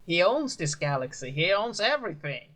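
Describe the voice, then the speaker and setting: A man's voice: high-pitched, big pitch swings, moderate pace, fairly bright tone, heavily acted, low-quality recording. A man voicing a nervous young man who looks after his sister's ship, hesitant and stammering. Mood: wary.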